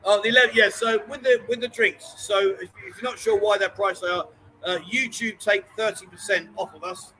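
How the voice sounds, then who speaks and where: A man's voice: sits high, steady tone, a little fast, bright, forceful tone, a little hiss or hum, poor audio. A man hosting a casual live stream from a bar, chatty and jokey, calling people mate and darling. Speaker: host.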